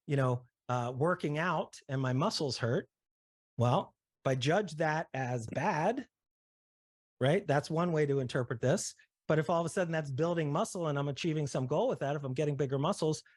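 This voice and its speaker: A man's voice: on the high side, darkish tone, no room sound, studio quality. A man presenting ideas to a discussion group, walking through everyday examples and often checking in with "right?" and "okay?". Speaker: session presenter. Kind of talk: explanatory talk to a discussion group.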